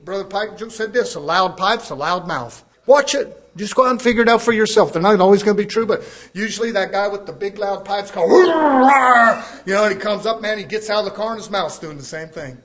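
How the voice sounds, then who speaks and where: A male preacher, delivering a church sermon in a folksy, emphatic way, chuckling and dropping to a low hush. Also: lively intonation, brisk.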